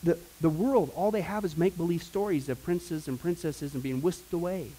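A man teaching a Bible class in a casual, rambling way, with joking asides and bursts of loud preaching. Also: a little high, moderate pace, low-quality recording.

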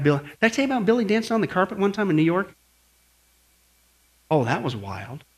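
A middle-aged man preaching a sermon on apologetics. He tells stories animatedly and keeps asking the listeners "right?". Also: a little high. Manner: animated storytelling with acted shouts and asides. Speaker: pastor teaching apologetics.

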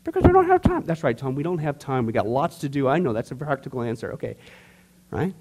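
A man teaching a church discipleship class in a conversational, animated way, joking with the class and acting out everyday people. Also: medium pitch, fast. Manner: conversational, jokes with the class, acts out skeptics.

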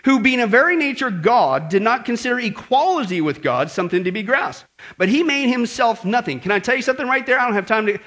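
This high-voiced man is a pastor delivering a sermon, throwing in lively asides. He keeps checking in with the congregation using "okay?" and "right?"

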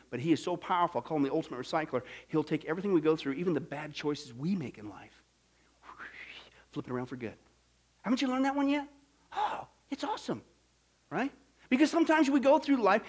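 High-voiced preacher, hushed to shouting. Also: male voice. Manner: swings from hushed to shouting, emphatic. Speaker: pastor. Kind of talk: sermon.

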